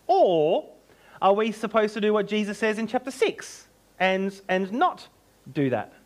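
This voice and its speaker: A man preaching a sermon as pastor, emphatic and animated, with joking asides. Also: high-pitched, unhurried.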